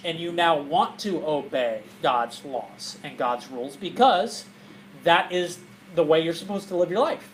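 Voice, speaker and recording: A man, a pastor, teaching a Bible study to a group in a church, animated and often laughing as he asks questions. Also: fairly high pitch, slight background noise, rough recording.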